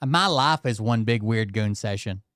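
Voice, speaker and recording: Guy riffing on clips, mumbly and offhand, smooth close voice no room. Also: lowish voice, normal speed, fairly bright tone, no echo. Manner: offhand, muttering reactions, self-deprecating. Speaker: host. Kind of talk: casual reaction commentary.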